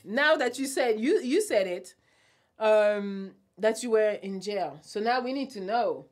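A young adult woman with a medium-pitched, expressive voice speaks at an unhurried pace. She hosts a casual live stream, reading viewer comments aloud and answering them bluntly in a teasing tone, laughing often.

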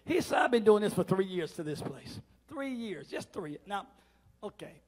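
A middle-aged man, preaching a call-and-response sermon as pastor in a church, swinging between shouts and quiet asides. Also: high-pitched, very animated, normal speed. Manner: swings from shouting to near-murmur, preacher cadence. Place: church sanctuary.

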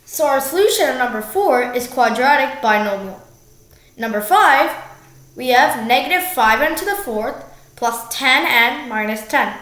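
In an echoey room, a young woman with a high, expressive, slightly bright voice tutors algebra. She works through problems slowly and casually, correcting herself and cracking the occasional joke.

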